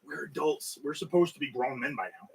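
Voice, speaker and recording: A man's voice: mid-range voice, animated, a little fast, slight background noise, low-quality recording. A man co-hosting a podcast, telling stories in casual chat with a grumbling, self-deprecating manner. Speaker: podcast co-host.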